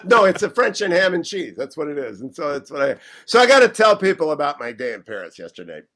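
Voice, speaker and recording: Man, talk radio host, a bit high-voiced, jet-lagged and goofy, hotel room. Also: big pitch swings, fast talker, fairly bright tone.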